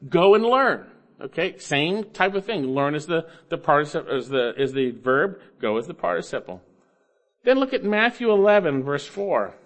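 A man preaching an expository sermon, emphatic, coaxing listeners along with rhetorical questions and swinging between loud stresses and low asides. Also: very animated, moderate pace. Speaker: preacher teaching Bible grammar.

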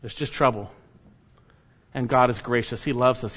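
A man preaching an expository sermon, reading scripture verse by verse and rising to loud, emphatic exhortation. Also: mid-range voice, fairly even intonation, normal speed. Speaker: pastor. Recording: dull lo-fi sermon recording.

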